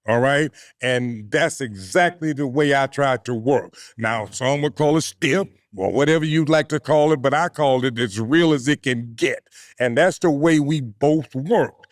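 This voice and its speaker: A man's voice: on the high side, moderate pace, dry recording, studio quality. An older man, a retired wrestler, talking emphatically in a casual interview and tossing in questions like "you know, right?".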